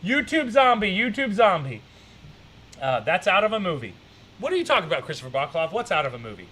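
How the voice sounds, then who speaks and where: Excitable high-voiced man reacting on stream. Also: brisk. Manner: excitable, profane, rambling. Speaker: streamer host. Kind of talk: casual reaction commentary.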